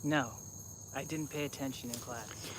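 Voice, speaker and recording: A man bantering in dry, deadpan quips on a hike, heard faint and distant from the mic. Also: medium pitch, moderate pace, husky. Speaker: host's friend. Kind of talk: casual banter. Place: outdoors on a hike.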